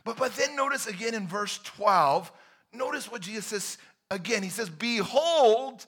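A man preaching a sermon, repeating key phrases and swinging between loud emphasis and near-whispers. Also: high-pitched, lively intonation, normal speed, breathy edge. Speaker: pastor.

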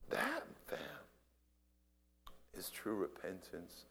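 A man preaching a sermon, swinging between hushed whispers and loud impassioned cries, often repeating his words. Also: on the high side, sing-song, measured pace.

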